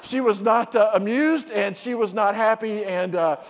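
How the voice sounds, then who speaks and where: A man's voice: high voice, normal speed, slight background noise. A middle-aged man preaching a sermon and telling a humorous personal story, acting out the dialogue of each person in it. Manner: animated storyteller, acts out dialogue. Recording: long hall reverb.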